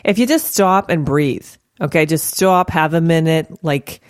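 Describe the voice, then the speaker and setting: Animated, swearing woman podcast host. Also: deep voice, a little slow, no room sound, clean studio sound. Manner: animated, profane, playful. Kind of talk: casual podcast chat.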